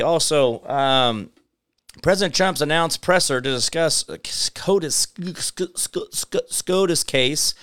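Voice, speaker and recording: A man hosting his own show rambles through live commentary, drifting off on tangents and talking directly to viewers and pets. His mid-range voice is clear and resonant with a fairly bright tone.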